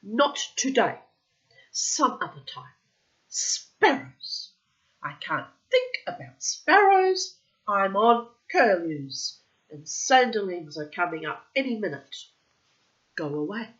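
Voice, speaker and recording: A woman's voice: low voice, animated, moderate pace, few pauses, a little mellow. A woman voicing an irritable God, a craftsman who roars at anyone interrupting his work. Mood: dismissive. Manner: roaring, impatient. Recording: dull lo-fi recording.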